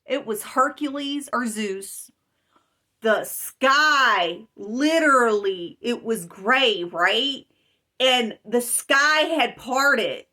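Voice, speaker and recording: A woman's voice: fairly high pitch, lively intonation, very slow, pushed and bright. A woman telling a story about a dream in a rambling, emphatic way, piling on detail as she goes. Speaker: vlogger. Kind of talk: casual storytelling.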